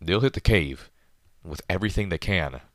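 A wounded male dragon, as a man puts him on, growling low and heavy in a storybook reading. The voice is very deep and sits close and dry to the mic, with a despondent weight on every line. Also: expressive, moderate pace, no echo.

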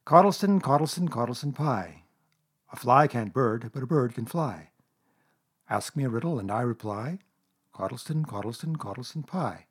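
A man's voice: fairly high pitch, sing-song, moderate pace, pauses often, mellow, slightly rough. A man voicing a kindly, simple-minded male bear in a storybook reading, innocent and sing-song.

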